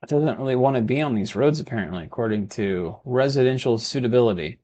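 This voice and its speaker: A man's voice: medium pitch, animated, quick pace, warm tone. A man from Texas giving casual let's-play commentary as he builds a city, chatting and muttering to himself. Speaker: gaming video host.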